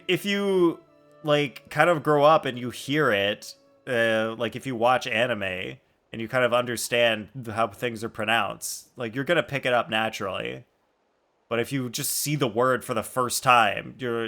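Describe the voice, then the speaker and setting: A man's voice: mid-range voice, pushed and bright. A man live-streaming a video game, chatting casually and animatedly with his chat and laughing often.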